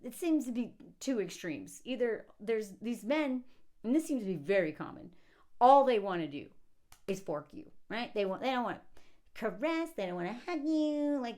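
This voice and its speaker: Talking a little fast, a woman who comments on movies rants through a casual film review in a fairly high voice. She stays sarcastic and animated, often breaking into laughter mid-sentence and performing the characters' lines.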